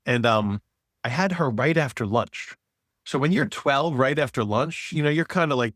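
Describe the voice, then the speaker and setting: A man talking as a podcast guest, telling a lively story and acting out the people in it. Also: medium pitch, normal speed, no room sound, studio quality. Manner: animated storyteller, acts out quoted voices. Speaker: podcast guest, author and speaker. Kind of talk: casual storytelling conversation.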